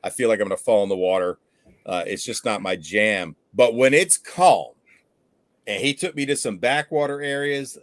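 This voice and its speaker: A man hosting a casual fishing livestream, telling stories with lively energy and casual swearing. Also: mid-range voice, no echo. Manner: animated storyteller, swears casually. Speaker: fishing show host.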